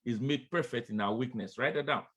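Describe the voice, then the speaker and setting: A man's voice: medium pitch, fairly quick, a bit bright, muffled recording. A man preaching a sermon, speaking straight to his listeners as friends, repeating refrains and urging them on. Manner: emphatic, repeats refrains, calls out "come on, somebody"; addresses listeners directly as friends.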